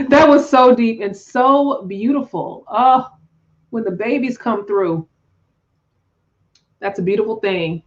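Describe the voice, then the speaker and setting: Woman tarot reader, slow and heartfelt, emotional and spiritual, dull lo-fi stream audio. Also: fairly high pitch, expressive. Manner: effusive, emotional, spiritual, with frequent laughs and sighs. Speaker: tarot reader hosting a live chat. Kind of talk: live-stream tarot reading.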